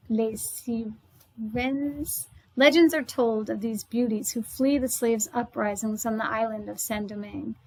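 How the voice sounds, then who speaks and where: A woman voicing a calmly proud young woman in a read-aloud storybook, speaking quietly and drawing out French words slowly. She reads the part with a fairly high voice. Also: poor audio. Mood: dreamy. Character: calmly proud young woman from New Orleans, free woman of color.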